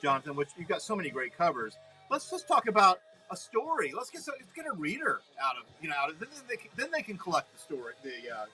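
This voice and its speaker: A man hosting and running a comic livestream, brisk and directing the guests. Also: on the high side, huge pitch swings, sharp tone, low-quality recording. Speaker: livestream producer host. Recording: faint music in the background. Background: faint music.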